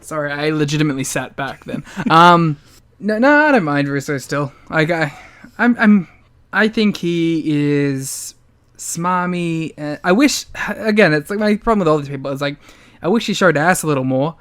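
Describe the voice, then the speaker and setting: A man's voice: on the high side, lively intonation, moderate pace, fairly bright tone, smooth. A man co-hosting a podcast, chatting casually in a jokey way and laughing often. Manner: jokey, laughs often, does silly voices. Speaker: podcast co-host. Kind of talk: casual chat.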